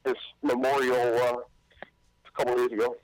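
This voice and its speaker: A man's voice: mid-range voice, flat delivery, moderate pace, low-quality recording. A man calling in to a casual talk podcast, speaking as a cannabis activist in a joking, rambling, self-mocking way. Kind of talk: casual call-in chat.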